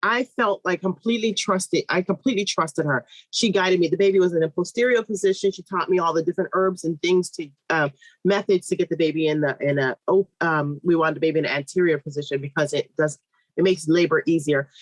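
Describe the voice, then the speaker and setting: A woman's voice: no echo, rough recording. A woman, a midwife, telling her own birth story in a podcast conversation, acting out what people said with big jumps in voice and running her sentences together. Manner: animated, acts out quoted voices with big pitch jumps; fast, run-on telling with restarts. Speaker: guest, midwife.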